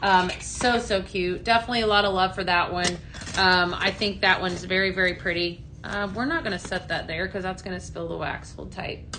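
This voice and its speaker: A woman's voice: fairly low pitch, fairly even intonation, a little fast, noisy background. A woman hosting a live product-demo stream in an echoey room, chatting with viewers and answering their comments, with frequent ums. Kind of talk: live sales demo chat.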